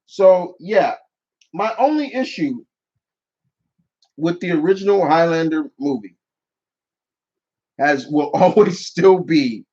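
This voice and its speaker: A man's voice: on the high side, dull audio. A man casually answering viewer questions on his channel, rambling with many restarts and fillers. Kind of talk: casual live Q&A chat.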